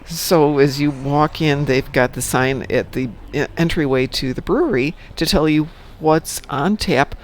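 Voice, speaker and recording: A man's voice: a little high, measured pace, few pauses, a little hiss or hum. A man in his sixties casually chatting on a live stream, reading the chat aloud and telling dad jokes. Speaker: stream co-host.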